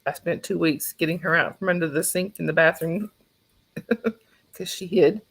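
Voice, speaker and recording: Gravelly Southern woman streaming from home. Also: fairly low pitch, moderate pace, fairly bright tone. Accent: Southern US (North Georgia). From North Georgia, USA. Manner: chatty, laughs often, talks to her pets and child. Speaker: livestream host. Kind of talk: casual chat. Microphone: phone.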